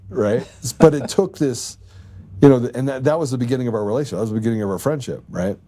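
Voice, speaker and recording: Husky-voiced male podcast host. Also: medium pitch, quick pace, warm tone. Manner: laughing, anecdotal storytelling. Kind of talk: casual chat.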